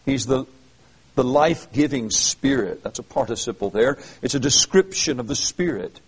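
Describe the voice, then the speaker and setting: Husky-voiced man teaching scripture. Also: mid-range voice, expressive, normal speed, low-quality recording. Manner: earnest, emphatic, with frequent restarts. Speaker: preacher. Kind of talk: expository Bible teaching.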